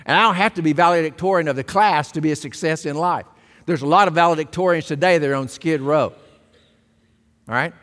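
A man preaching a sermon as pastor, emphatic and rising to loud exclamations. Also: a little high, brisk. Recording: long reverb of a large hall.

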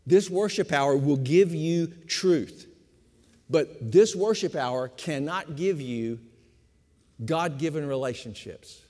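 An older man, a pastor of fifty years, preaching a sermon with emphatic repetition, slowing for stress and speeding through asides. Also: fairly high pitch, darkish tone. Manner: emphatic preaching, repeats key phrases, shifts between slow stress and quick asides. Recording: long hall reverb.

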